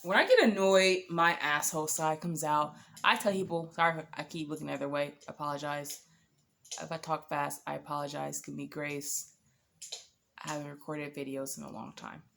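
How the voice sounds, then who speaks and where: A young woman casually telling a dating story to camera, animated and sassy, swearing freely. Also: deep voice, moderate pace, creaky.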